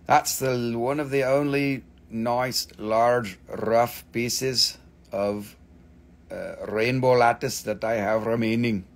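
A man hosts a live sales stream for crystals and mineral specimens. He talks with excitable enthusiasm and plenty of swearing as he pitches each piece. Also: slow. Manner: excitable, profane sales patter. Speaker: host selling crystals.

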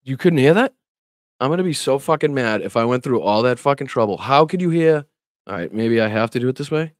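A man's voice: medium pitch, animated, fairly quick, dry recording, clean studio sound. A man hosting a casual political livestream who talks straight to his chat, laughs often and swears when annoyed. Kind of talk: casual live-stream commentary.

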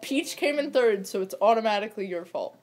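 A teenage girl hosting a casual racing-game video, chattering excitedly and shrieking at wins and crashes. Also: medium pitch, a little fast, crowd noise. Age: teens. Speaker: gamer host. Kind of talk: casual gameplay commentary.

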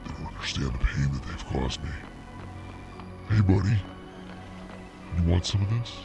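A man voicing a gloating evil overlord who commands his minions, with a slow, menacing delivery. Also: low voice, expressive, gravelly, music in the background, voice pushed down.

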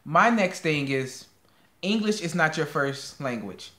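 A man's voice: fairly high pitch, lively intonation, a little slow, bright, forceful tone. American man, co-host, bantering and defensive, roomy echo. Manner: teasing, playfully defensive. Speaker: co-host of a couple's channel. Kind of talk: casual couple banter.

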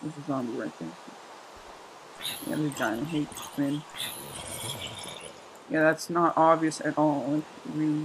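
A young man giving casual, excitable commentary while he plays a survival game, exclaiming and joking sarcastically. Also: fairly high pitch, unhurried, gravelly, long pauses, background noise. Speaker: gameplay commentator.

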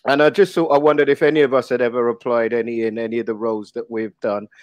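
A man hosting a casual show, joking and teasing his guests with quick restarts. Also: mid-range voice, little pitch movement, no echo. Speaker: host. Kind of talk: casual chat on a live show.

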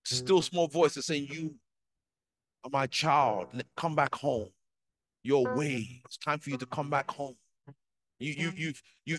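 A man's voice: medium pitch, poor audio. A male pastor giving an urgent, pleading altar call in church, with many repeated lines.

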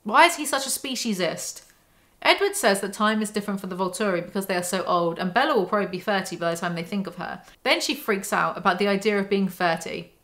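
A woman breaking down a novel for her channel, her voice bright and forceful. She reads passages aloud in a dry, even tone, then cuts in with sarcastic, mocking remarks. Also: mid-range voice, fast talker. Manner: sarcastic, mocking asides between dry readings. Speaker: book commentary YouTuber.

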